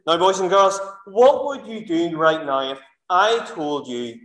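A man delivers a sermon, earnest and fond of rhetorical questions. His voice sits slightly higher than most men's. The church around him is echoey. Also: animated, measured pace, a bit bright. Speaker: preacher.

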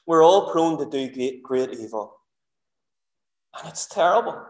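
A man delivers a sermon, earnest and fond of rhetorical questions. His voice sits slightly higher than most men's. The church around him is echoey. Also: animated, a little slow, a little mellow. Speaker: preacher.

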